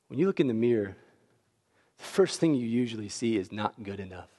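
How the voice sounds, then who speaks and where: A man preaching a sermon, telling a story with lively swings from quiet asides to near-shouting peaks. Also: mid-range voice, fast talker. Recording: long hall reverb.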